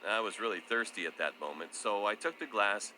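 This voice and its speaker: Deep, bright-toned man narrating horror. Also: animated, fairly quick, a little hiss or hum. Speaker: story narrator. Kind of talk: scripted first-person horror storytime narration.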